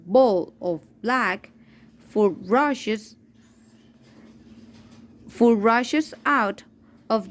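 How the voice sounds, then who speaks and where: A woman teacher reading a children's story aloud in a careful, halting way, repeating and correcting words as she goes. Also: fairly high pitch. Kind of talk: reading a story aloud slowly, then in Spanish.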